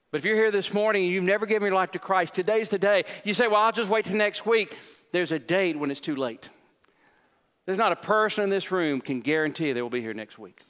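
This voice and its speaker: A male pastor delivering an earnest, urgent sermon and then leading a hushed closing prayer. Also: fairly high pitch, smooth, in a large hall. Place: church sanctuary.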